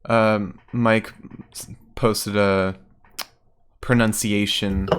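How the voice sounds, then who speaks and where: Slow-talking podcast co-host. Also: low-pitched, level tone, clean tone. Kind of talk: casual wrestling recap chat.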